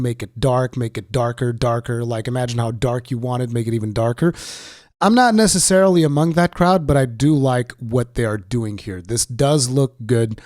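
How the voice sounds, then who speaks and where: Male gaming commentator, under the weather, mid pitch, opinionated and sarcastic, dry recording. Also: darkish tone, dry recording. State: sick voice. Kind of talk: casual reaction commentary.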